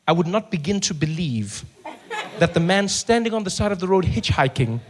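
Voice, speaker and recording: A man with a South African accent performs stand-up on stage, telling stories and animatedly acting out voices. His voice is high and his pace moderate, with a little hiss or hum in the recording.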